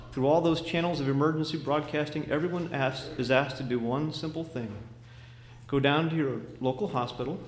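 A man preaching a sermon, telling a vivid story with dramatic swings from loud to hushed. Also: mid-range voice. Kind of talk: sermon illustration. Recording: echoey hall with faint noise.

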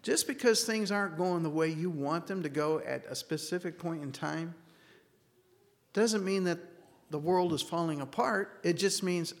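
A man's voice: a little high, normal speed. A man giving an earnest sermon in a church hall, telling a personal story and acting out the dialogue in it. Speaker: speaker giving a church talk. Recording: long reverb of a large room.

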